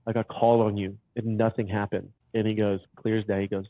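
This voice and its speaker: Brief: podcast guest, low-voiced man, animated storyteller, thin phone-like sound. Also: a little fast, dry recording. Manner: animated storyteller, says dude a lot. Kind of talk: casual conversation. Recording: tinny phone-like line, dry.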